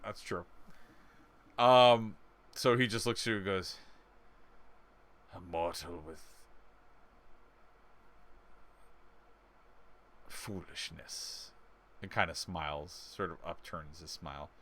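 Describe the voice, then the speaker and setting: A man's voice: deep voice, expressive, normal speed, fairly bright tone, slight background noise. A man narrating as game master of a tabletop game, rambling with frequent fillers and laughs.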